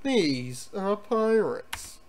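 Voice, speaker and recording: Man, game streamer, chatty, excitable, lively pitch, keyboard typing behind. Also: very slow, a little hiss or hum. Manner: excitable, chatty, reacts aloud. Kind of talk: casual gameplay commentary and reading game text.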